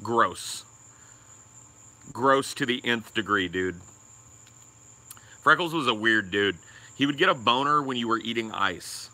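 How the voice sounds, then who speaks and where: A man's voice: mid-range voice, lively intonation, unhurried, long pauses, sharp tone. A young man co-hosting a podcast, telling a rambling, crude story and swearing a lot. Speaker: podcast co-host.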